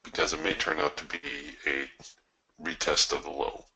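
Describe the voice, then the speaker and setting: A man's voice: extremely low pitch, level tone, moderate pace, bright, forceful tone, poor audio. A man coaching live trading, talking through his trades in a folksy way with chuckling asides.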